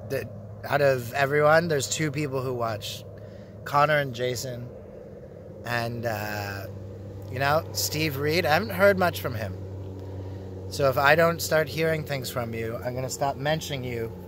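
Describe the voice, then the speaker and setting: A man's voice: medium pitch, a little slow, background noise. A man vlogging casually from a park, joking, teasing and swearing freely as he rambles to his phone. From Canada. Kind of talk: casual rambling monologue to camera. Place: outdoor park.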